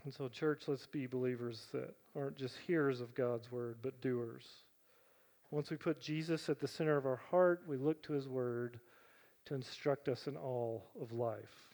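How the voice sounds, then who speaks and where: A middle-aged man preaching a sermon as pastor. He talks conversationally, often checking in with "right?", and swings between loud, emphatic questions and quiet, low asides. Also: moderate pace. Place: church sanctuary.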